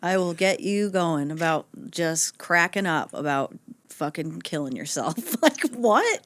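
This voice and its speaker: A woman with a lowish voice talking as a podcast guest. She swears casually, mocks herself and breaks into laughter mid-thought. The recording is dry and close, with no room sound. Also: expressive, a little slow, a bit bright, no echo. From upstate New York. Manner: profane, self-mocking, laughs mid-sentence. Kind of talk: casual interview chat.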